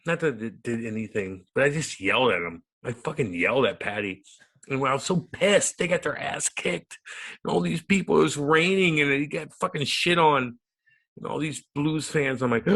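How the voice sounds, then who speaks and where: A man, a former hockey enforcer turned radio host, telling a loud, profane, animated story in an interview. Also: lowish voice, moderate pace. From United States.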